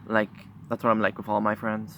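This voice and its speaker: A teenage boy talking candidly to his phone camera outside, shy and halting, full of pauses and restarts. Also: fairly low pitch, completely flat delivery, vocal fry. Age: teens. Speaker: vlogger. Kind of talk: candid confessional vlog. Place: outdoors by a busy road. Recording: phone recording with loud traffic noise. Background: passing cars.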